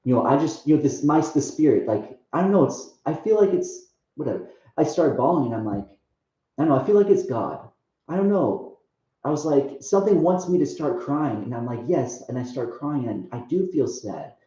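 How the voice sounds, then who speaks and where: Rambling young man in a booming room. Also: expressive, warm tone. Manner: halting, full of restarts and "like". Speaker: speaker sharing a testimony. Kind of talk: rambling personal testimony. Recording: very echoey, muffled lo-fi room.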